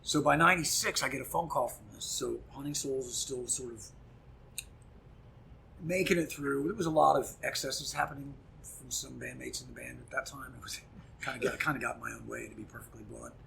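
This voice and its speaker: A middle-aged man, a punk musician guest, telling a story in casual chat, animated and profane, acting out quoted dialogue. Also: medium pitch, a little fast, vocal fry, slight background noise.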